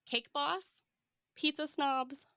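A woman's voice: high-pitched, steady tone, slow, pushed and bright, dry recording. Giggly woman host, dry close sound. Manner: giggly, laughs often. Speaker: podcast host. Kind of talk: casual chat.

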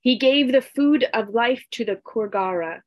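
Woman storyteller, very slow, solemn, dry close sound. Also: a little high, expressive, no echo. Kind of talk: storytelling narration of a myth.

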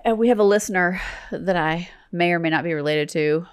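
A woman's voice: fairly low pitch, brisk, clean tone. A middle-aged woman co-hosting a podcast in casual chat. She tells stories with energy, acts out other people's lines, and swears freely. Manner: animated storytelling, acts out quotes, swears freely. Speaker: podcast co-host.

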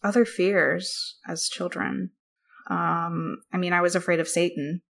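A woman's voice: on the low side, unhurried, gravelly. A young adult woman co-hosting a casual podcast, telling stories with lots of laughter and animation. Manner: animated storyteller, laughs often. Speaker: podcast co-host. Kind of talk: casual chat.

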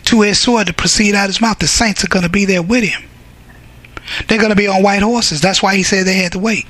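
A man preaching a fervent sermon, reading scripture aloud and breaking into shouts to drive his points home. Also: sits high, steady tone, a little fast, dry recording.

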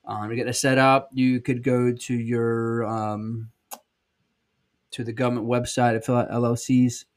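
A man's voice: mid-range voice, little pitch movement, measured pace. Blunt Southern man in his thirties. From South Georgia, USA. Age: 30s. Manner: blunt, folksy, emphatic, with many ums and restarts. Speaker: podcast host and sales trainer. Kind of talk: casual podcast monologue.

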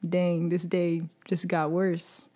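A young woman co-hosting a casual chat, recapping a series with lively storytelling and acted-out quotes. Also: fairly low pitch, slow. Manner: animated storytelling with laughs and quoted voices. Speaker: podcast co-host recapping a series.

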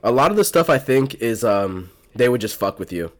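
A young man from South Florida hosts a podcast in a medium-pitched, animated, fairly quick voice. In casual chat he tells a rambling story, full of swearing and false starts.

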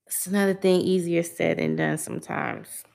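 Her lowish voice carries vocal fry and a slightly mellow quality as this young adult woman talks casually on her own podcast at a moderate pace. She keeps things relaxed and conversational, with loose slangy wording.

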